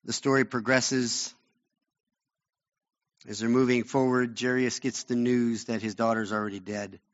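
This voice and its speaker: A man's voice: medium pitch, steady tone, unhurried. A male pastor preaching a sermon, retelling a Bible story in an earnest, conversational way. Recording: dull lo-fi recording.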